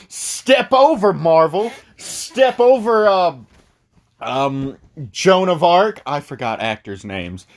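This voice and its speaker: A man casually reviewing a movie on his studio podcast. He rambles, loses his train of thought and pokes fun at himself. His pitch swings freely, which keeps his delivery animated. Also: gravelly. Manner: rambling, forgetful, self-mocking asides.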